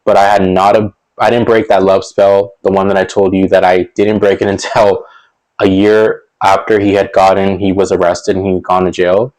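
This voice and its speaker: Young guy rambling through a storytime, lowish voice, lots of likes and ums, little laughs. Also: flat delivery, moderate pace, darkish tone, low-quality recording. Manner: rambling, many fillers and restarts; chuckles between sentences. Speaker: storytelling vlogger. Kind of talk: casual storytime monologue.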